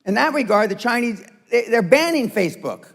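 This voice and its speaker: A man's voice: very high voice, lively intonation, fairly quick, creaky, big-room sound. An older man giving a blunt, profane and confrontational seminar speech to a live audience. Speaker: motivational speaker. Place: seminar room.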